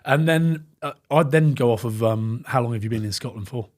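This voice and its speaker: A man with a Glaswegian accent running a quiz in a casual podcast chat, bossy and quick. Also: mid-range voice, darkish tone. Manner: bossy, fast, game-show quizzing.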